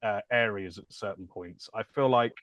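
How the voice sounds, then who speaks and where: A man co-hosting a casual film-review podcast, talking with jokey enthusiasm and quick tangents. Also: lowish voice, a bit bright, no echo. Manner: enthusiastic, jokey, slips into silly put-on voices. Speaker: film magazine writer and podcast co-host.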